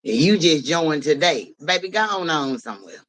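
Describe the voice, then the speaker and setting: A man runs a casual livestream and answers his viewers' comments out loud. He talks bluntly and swears freely, with an animated edge to his fairly high voice. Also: normal speed, poor audio. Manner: blunt, profane, animated, talks back to chat. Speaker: livestream host.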